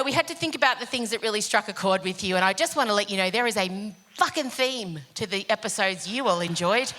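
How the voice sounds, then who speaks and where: Woman, young, live podcast co-host; bright voice, animated and sweary storyteller. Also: a little high. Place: live show stage.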